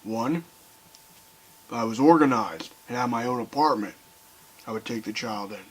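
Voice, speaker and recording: A young man ranting heatedly to camera, swearing often and swinging between loud outbursts and quiet bitterness. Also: medium pitch, normal speed, husky, rough recording. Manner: heated, swearing, voice rising and falling sharply. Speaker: video commentator. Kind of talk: angry rant to camera.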